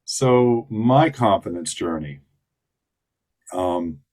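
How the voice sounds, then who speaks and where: A man who is a psychologist, a guest on an interview podcast, answering in a thoughtful, measured way. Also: low-pitched, animated, darkish tone.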